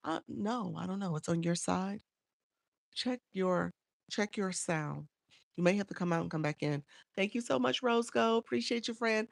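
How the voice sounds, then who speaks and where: Chatty woman with a gravelly voice. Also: mid-range voice, normal speed, no room sound. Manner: chatty, repeats herself, answers viewers by name. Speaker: live streaming coach. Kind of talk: casual live stream Q&A. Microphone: phone.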